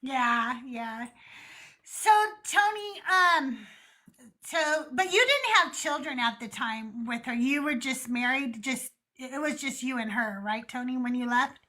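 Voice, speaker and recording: A woman hosting a casual podcast chat, telling stories in an animated way and swearing freely. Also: high voice, unhurried. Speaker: podcast host.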